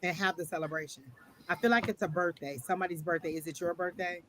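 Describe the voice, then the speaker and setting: Man, tarot reader, live online reading, soft reassuring delivery, fairly high voice, faint background noise. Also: quick pace. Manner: gentle, reassuring, repeats phrases.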